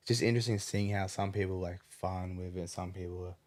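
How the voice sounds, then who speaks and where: A man's voice: low voice, steady tone, a little fast, a little mellow. A man chatting casually as a podcast guest, rambling with lots of fillers and casual swearing. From Australia. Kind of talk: casual chat.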